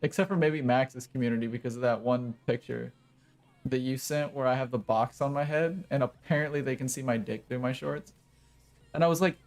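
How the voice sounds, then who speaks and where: A man's voice: medium pitch, a little fast. A young adult man streaming a game, chatting casually in a rambling, joking, self-mocking way. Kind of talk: casual gaming commentary.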